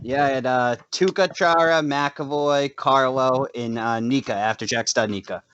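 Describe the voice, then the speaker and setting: A man's voice: medium pitch, moderate pace, a bit bright, clear, resonant tone, no room sound. A man chats casually in a group call. His voice is close and dry, with dull lo-fi sound.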